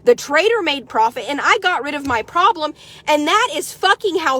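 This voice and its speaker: A middle-aged woman from the United States, ranting sarcastically in a vlog and swearing constantly, swinging from loud outbursts to low mutters. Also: animated, moderate pace, dry recording. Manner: heavy swearing, sarcastic, combative. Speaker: horse trader vlogger.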